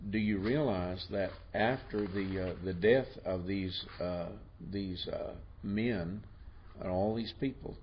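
A man teaching a Bible class, talking haltingly with many repeated words and putting questions to his students. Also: fairly low pitch, dull audio, a little hiss or hum. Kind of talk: classroom lecture.

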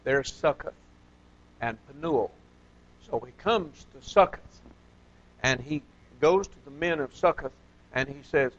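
A man's voice: medium pitch, unhurried, long pauses, a bit bright. A man teaching an informal Bible study, talking conversationally with many fillers and questions to his listeners. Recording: dull lo-fi recording.

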